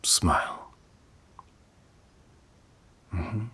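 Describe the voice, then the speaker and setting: A laid-back older demon hunter, played by a man in a whispered role-play, soft-spoken and slow. The low voice still has a bright edge under the hush. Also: vocal fry, husky, heavily acted. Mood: playful coaching. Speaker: job interviewer.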